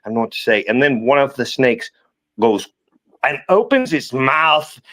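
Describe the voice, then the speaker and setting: A man, a fishing guide chatting casually on a podcast and telling animated stories. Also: moderate pace. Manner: animated storyteller, acts out quotes with big pitch jumps. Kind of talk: casual chat.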